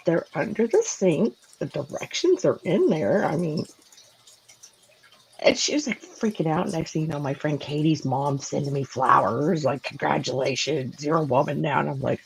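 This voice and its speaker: A woman in her forties in casual chat, telling personal stories in an animated way, filling her speech with "like" and acting out dialogue. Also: deep voice, normal speed, vocal fry, breathy edge, rough recording. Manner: animated, many "like"s, acts out quoted dialogue. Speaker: co-host.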